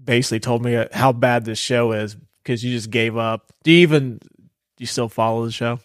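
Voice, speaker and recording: A man's voice: mid-range voice, steady tone, moderate pace, no room sound, clean studio sound. A man hosting a casual podcast chat, teasing his guest with profane banter. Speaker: podcast host.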